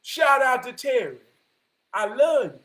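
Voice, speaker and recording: A man delivering an impassioned motivational monologue, preaching his point and often rising to a shout. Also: very high-pitched, sing-song, measured pace. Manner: preachy, repeats "I promise you", rises to shouting. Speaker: vlogger giving life advice.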